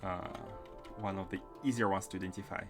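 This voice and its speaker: A man's voice: low-pitched, fairly even intonation, a little fast, music in the background. A man from France with an accent mixing French and Russian, thinking aloud as he streams gameplay and chats with viewers. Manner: thinks aloud while planning builds and answering chat. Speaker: game streamer. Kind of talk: live gameplay commentary.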